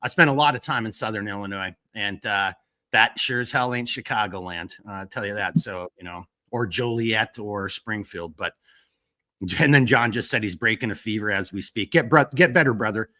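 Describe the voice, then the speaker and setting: Bright-voiced man hosting a rambling live chat. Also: lowish voice, moderate pace. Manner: rambling, reads chat shout-outs, frequent fillers. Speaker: host of a live stream talk show. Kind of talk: casual live stream chat.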